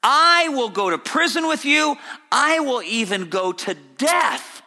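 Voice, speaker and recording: A man's voice: extremely high pitch, big pitch swings, slow pace, sharp tone, voice pushed up, full character voice. A man voicing the apostle Peter as proud and indignant, protesting in exasperation. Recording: hall reverb.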